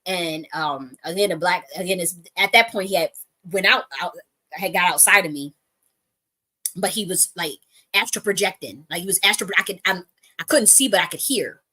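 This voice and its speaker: A woman with a somewhat low-pitched voice, telling a personal story with lots of profanity. She keeps restarting and circling back mid-sentence, and breaks into laughter now and then. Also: moderate pace, sharp tone, breathy edge. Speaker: spiritual reader.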